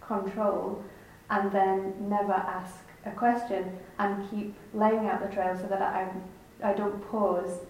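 A woman's voice: medium pitch, level tone, slow pace, hardly any pauses, a little mellow. An earnest woman lays out her spiritual question, reflecting on her own habits as she talks. The sound is very echoey, like a large hall, with faint noise beneath. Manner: earnest, self-reflective, laughs easily. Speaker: student asking a question.

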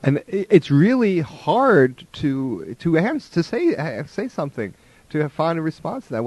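A man's voice: a little high, big pitch swings, measured pace, a little mellow, dry recording. A man giving a conversational spiritual talk about relationships, slipping into the voices of the people in his stories. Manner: conversational, acts out quoted voices.

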